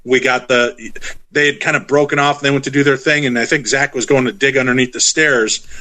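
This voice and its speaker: A man, a guest on a podcast, telling paranormal investigation stories in a casual, animated way and acting out what others said. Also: mid-range voice, brisk. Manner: animated, acts out quotes of others. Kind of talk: casual storytelling chat.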